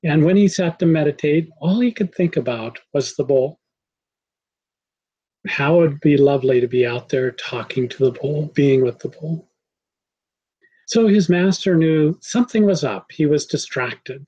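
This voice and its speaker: A man giving a spiritual talk, calm, measured and devotional. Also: on the high side, slightly rough, highs cut off. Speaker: spiritual teacher. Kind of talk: sermon.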